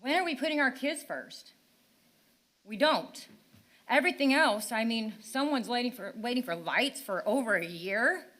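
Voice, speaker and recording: Bright-voiced frustrated woman pleading. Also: fairly high pitch, expressive, normal speed. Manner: frustrated, pleading, rhetorical questions. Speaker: parent speaking at public comment. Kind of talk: impassioned public comment. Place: town council meeting chamber.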